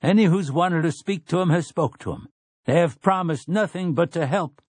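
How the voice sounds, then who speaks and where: A man voicing a hostile townsman who roars at the crowd in rough country dialect. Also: fairly high pitch, moderate pace, no room sound, studio quality, pitched above the performer's own voice. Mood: roaring. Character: loud, hostile townsman, roaring.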